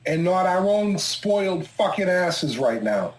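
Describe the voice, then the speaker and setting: A man scolding the others sharply and swearing, trying to calm a family argument. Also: sits high, unhurried, a little hiss or hum. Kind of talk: heated real-life argument. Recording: echoey room sound.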